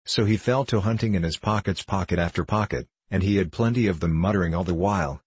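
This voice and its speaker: Low, husky male narrator. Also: a little fast, hardly any pauses, dry recording. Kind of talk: audiobook reading of a classic story.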